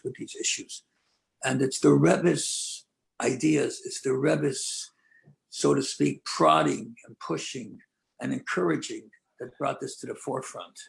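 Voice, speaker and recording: An older man, a rabbi, speaking in an earnest, measured way and slowing down to stress key points as he tells stories. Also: medium pitch, fairly even intonation, creaky, rough recording. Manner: earnest, measured, with deliberate slowed emphasis. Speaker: rabbi and prison-outreach leader. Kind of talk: conversational talk, storytelling.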